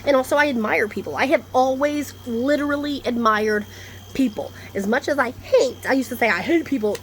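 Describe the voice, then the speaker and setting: A woman's voice: high-pitched, a little fast, a little hiss or hum. A woman vlogging a casual, rambling monologue, blunt and profane, jumping from topic to topic. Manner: blunt, profane, animated, jumps between topics. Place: indoors, storm coming in outside.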